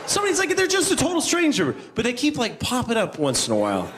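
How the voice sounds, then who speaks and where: A man's voice: very high voice, huge pitch swings, fast. A man performing a stand-up set with offbeat observational jokes and impressions. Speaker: stand-up comedian. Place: comedy club stage. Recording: noisy club with loud audience.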